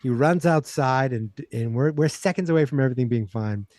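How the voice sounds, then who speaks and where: Dark-voiced man recapping an episode. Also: medium pitch, a little fast, no room sound, clean studio sound. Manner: animated retelling, acting out quoted lines. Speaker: podcast host.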